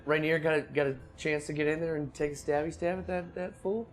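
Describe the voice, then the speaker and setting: A man's voice: a little high, fairly even intonation, a little fast. A man playing a tabletop game, chatting casually, joking and swearing loosely. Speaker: player.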